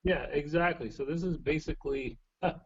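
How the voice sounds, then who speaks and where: Over a phone or video call, a guest musician chats casually about old music gear, his fairly high voice coming through at normal speed with lo-fi sound. He explains things in a chatty way, often restarting his sentences.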